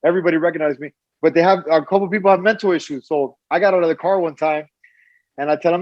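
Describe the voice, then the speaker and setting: A man's voice: a little high, fairly even intonation, quick pace, no room sound, dull audio. A man in casual conversation who keeps agreeing and then tells a story of his own. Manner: encouraging listener, frequent agreements. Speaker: guest.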